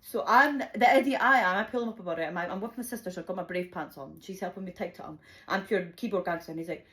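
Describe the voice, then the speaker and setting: A woman's voice: fairly low pitch, fast talker, pushed and bright. A young woman telling a chaotic storytime to camera, chatty and swearing, with dramatic outbursts. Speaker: vlogger. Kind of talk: storytime monologue.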